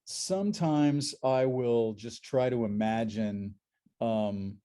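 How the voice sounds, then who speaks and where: A man who works as a voice actor, guesting on a convention panel and telling animated anecdotes, repeating words as he restarts. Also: medium pitch, takes it slowly.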